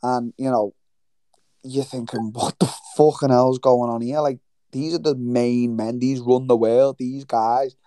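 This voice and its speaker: Male guest, warm low tone, animated and profane, dry close sound. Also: a little slow, no room sound. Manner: swears freely, animated storytelling with quoted voices. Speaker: guest fighter. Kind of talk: casual interview chat. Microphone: remote livestream call.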